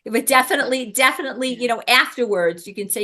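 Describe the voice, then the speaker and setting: A woman's voice: fairly high pitch, fast, sharp tone. A woman leading a workshop for birth helpers, talking casually with many ums and restarts. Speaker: doula trainer. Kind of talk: workshop teaching.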